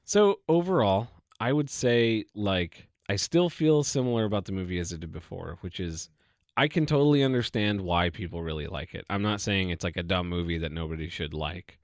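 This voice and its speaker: Low-voiced easygoing man thinking aloud. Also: animated, normal speed, no room sound, clean studio sound. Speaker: podcast co-host. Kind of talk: casual chat.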